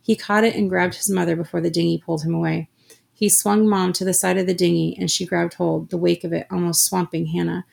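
A woman reading a story aloud in a steady, measured narration. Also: on the low side, vocal fry. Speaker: audiobook narrator.

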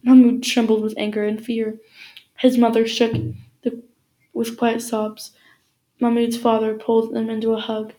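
Mellow woman reading a novel aloud. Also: fairly high pitch, normal speed, rough recording. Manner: steady storytelling with small slips. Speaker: narrator.

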